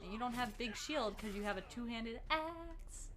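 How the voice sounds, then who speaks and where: A woman chatting on a gameplay stream, poking fun at the player with playful questions. Her voice is bright and a little high. She sounds relaxed and teasing. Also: moderate pace. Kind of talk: casual chat over gameplay.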